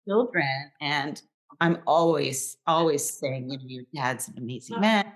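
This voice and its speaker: Deep-voiced woman talking candidly and thoughtfully on a casual podcast. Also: unhurried. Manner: candid and reflective. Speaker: podcast co-host.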